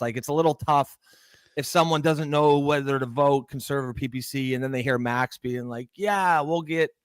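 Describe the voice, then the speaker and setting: A man's voice: medium pitch, dry recording. A man, co-hosting a casual political chat, hesitant and full of fillers, reading out viewer comments. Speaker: podcast co-host.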